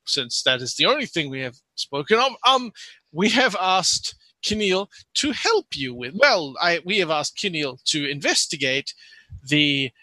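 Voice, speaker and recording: A man's voice: fairly high pitch, big pitch swings, sharp tone, no echo, exaggerated voice. A man doing a polite, flustered male official. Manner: polite, halting, formal phrasing.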